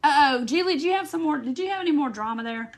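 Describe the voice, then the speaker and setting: A high-pitched woman hosts a casual live craft stream. She talks loosely to her viewers and breaks into giggles easily. The sound comes through a phone or webcam mic. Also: expressive, fast. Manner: giggly, laughs often while talking. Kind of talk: casual live chat reading viewer comments.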